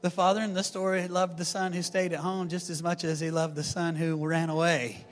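A middle-aged male pastor preaching a sermon, animated, with playful asides to the congregation. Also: fairly high pitch, fairly quick. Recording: long hall reverb, faint music behind.

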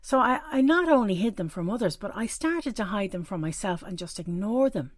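A woman's voice: medium pitch, animated, brisk, dry recording. A middle-aged woman shares a personal reflection in a candid, self-deprecating way, often laughing at herself. Her voice sits close and dry on the mic, with no room sound around it. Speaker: weekly reflection presenter.

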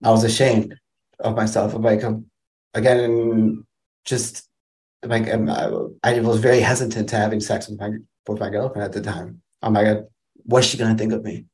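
Podcast guest, young adult male, slightly low pitch, loose conversational storytelling with many restarts. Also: flat delivery, moderate pace, a little mellow. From Wisconsin, USA. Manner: casual, rambling, many likes and restarts. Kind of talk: personal storytelling in an interview.

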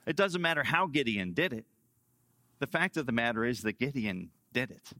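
A male pastor preaching a sermon emphatically, repeating key phrases and swinging between loud stresses and hushed lines. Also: medium pitch, lively intonation, normal speed, dry recording.

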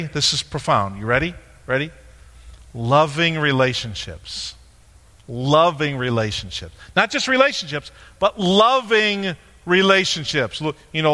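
A man preaching in a casual, conversational way, bantering with a stage helper between points. His voice sits high and sounds bright and forceful. The sound carries the long reverb of a large church hall. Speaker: pastor. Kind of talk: sermon with props. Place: church sanctuary.

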